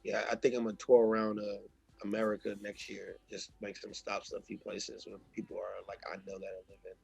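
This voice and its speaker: A man talking as a guest in a casual interview, loose, slangy and animated, with a husky voice. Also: fairly low pitch, brisk.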